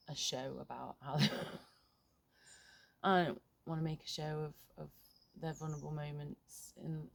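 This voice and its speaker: A middle-aged woman talking frankly in a reflective vlog, halting and swearing casually, recorded outdoors in a garden. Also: low-pitched, creaky. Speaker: vlogger.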